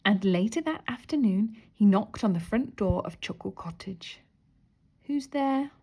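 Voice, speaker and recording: A woman reading a children's storybook aloud, expressive with soft whispered asides. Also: mid-range voice, moderate pace, breathy edge. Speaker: story reader.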